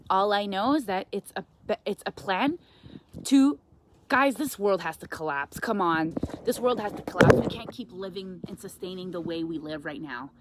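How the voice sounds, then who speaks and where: A talkative woman speaks as a guest on a live stream. She chats in an animated, upbeat way. She reads viewer comments aloud and responds to them. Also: medium pitch. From Canada. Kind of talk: live-stream motivational chat.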